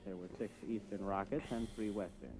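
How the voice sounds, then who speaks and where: A man's voice: fairly low pitch, a little fast, close to an everyday voice, rough recording. An actor in his twenties playing a brash young American rocket captain with a Brooklyn accent, breezy and plainspoken, who also narrates. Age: 20s.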